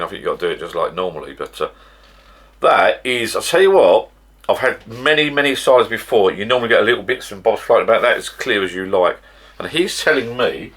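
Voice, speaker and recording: A man's voice: low-pitched, bright, forceful tone, slightly rough. A middle-aged man from the UK, chatting casually and rambling in a home vlog from his garden bar shed. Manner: rambling and chatty, with frequent restarts. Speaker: vlogger.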